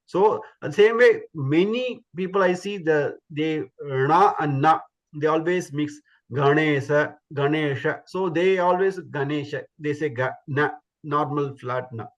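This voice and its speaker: A man's voice: on the high side, measured pace, rough recording. Patient man teaching pronunciation. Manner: patient, demonstrates sounds by repeating them. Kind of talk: online class instruction.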